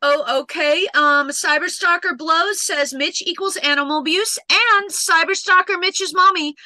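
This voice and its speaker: A woman co-hosting a live stream, briskly reading teasing chat messages aloud. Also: very high voice, bright, forceful tone, no room sound, poor audio.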